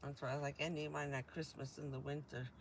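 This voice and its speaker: A woman's voice: sits low, flat delivery, a little fast, slight background noise. A woman from New Jersey chatting casually on a vanlife live stream, rambling and laughing often.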